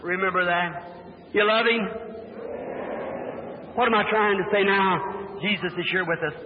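A man's voice: high-pitched, steady tone, measured pace, noisy background. A man preaching a sermon. He tells stories and questions the congregation with fervor. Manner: fervent, retells conversations, asks the congregation questions. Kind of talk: sermon with storytelling. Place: church hall. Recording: echoey hall over a tinny old line.

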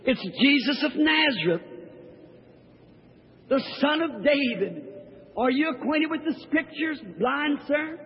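A man preaching who voices a kind-hearted woman in a crowd, gently explaining things, heard in an echoey hall on a dull lo-fi recording. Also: extremely high pitch, lively intonation, slow, pauses often, full character voice. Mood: gentle.

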